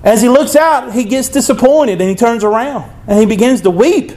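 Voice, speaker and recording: High-voiced preacher giving a sermon. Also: male voice, animated, normal speed, mellow. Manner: conversational preaching with scripture reading.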